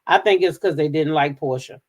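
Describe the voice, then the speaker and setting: A woman's voice: sits low, a little fast. A woman hosting a casual commentary show, sassy and emphatic, often repeating herself. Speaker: host.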